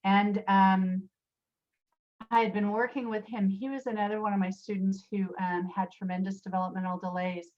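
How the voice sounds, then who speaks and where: A woman's voice: medium pitch, flat delivery, moderate pace. Chatty woman presenter on a lo-fi call. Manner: chatty, many fillers and restarts, addresses attendees by name. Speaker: workshop presenter; special education teacher. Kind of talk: virtual workshop talk with storytelling. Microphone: video call.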